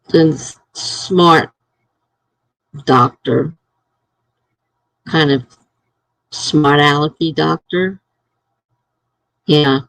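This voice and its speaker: A middle-aged woman chats casually on a live stream from home. She talks slowly, telling stories and acting out the lines other people said. Her voice sits close and dry, with no room sound around it. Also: low-pitched, vocal fry, dry recording, rough recording. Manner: storytelling, acting out what others said. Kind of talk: casual chat.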